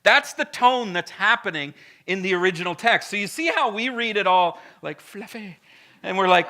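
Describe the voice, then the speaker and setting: A man's voice: sits high, lively intonation, moderate pace, sharp tone. A male pastor preaching a sermon in a blunt, emphatic, conversational way, with frequent direct asides to the congregation.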